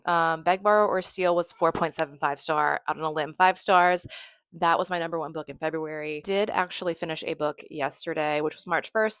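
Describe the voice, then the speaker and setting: A woman's voice: on the low side, fairly bright tone, no echo, studio quality. A young woman vlogger chatting casually through her monthly book recap, effusive and swearing now and then.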